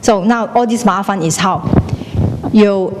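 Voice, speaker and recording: A woman teaching a class, chatty, often checking in with "okay?" and slipping into Chinese phrases. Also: a little slow. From Malaysia. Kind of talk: classroom lecture. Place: classroom hall. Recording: echoey hall with faint rumble.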